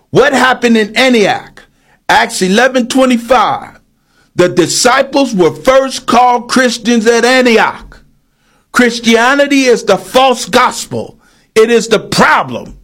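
A man preaching a sermon, reading scripture aloud and explaining it, with an emphatic delivery that rises to shouts on key points. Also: sits high.

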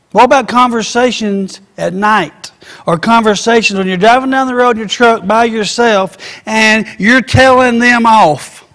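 Male preacher with a very high voice; sermon delivery, rhetorical questions, playful voiced asides; reverberant hall. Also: a bit bright.

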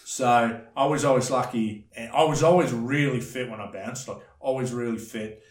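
A man's voice: mid-range voice, moderate pace. Blunt Australian man in a roomy space. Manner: rambling, blunt, fond of slang. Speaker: podcast guest, former bouncer. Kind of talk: casual storytelling chat. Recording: roomy echo.

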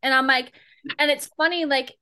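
A woman's voice: high voice, fairly even intonation, normal speed, pushed and bright. A young woman, a podcast guest and entrepreneur, talking casually in a blunt, sarcastic way and swearing freely.

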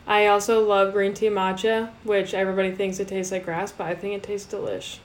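A young woman co-hosting a casual podcast, chatty and quick to laugh, with casual swearing. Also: medium pitch, little pitch movement, a little hiss or hum. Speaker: podcast co-host. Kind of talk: casual chat.

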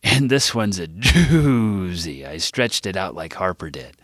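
A man's voice: sits low, a bit bright, no echo. A man reading his own book aloud as an audiobook, telling the story in a candid, self-deprecating way. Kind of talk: audiobook narration.

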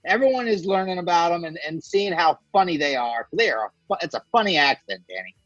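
A man's voice: fairly high pitch, animated, fast talker, fairly bright tone, dry recording, lo-fi sound, faint music behind. Joking, swearing podcast co-host man. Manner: profane, jokey, rambling. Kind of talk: casual chat.

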